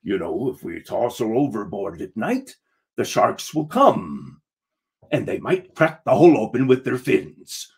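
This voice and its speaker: A man voicing a gruff pirate who has gone soft, growling "ar" in a low, hushed pirate drawl. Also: very animated, a little slow, heavily acted. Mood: fretful.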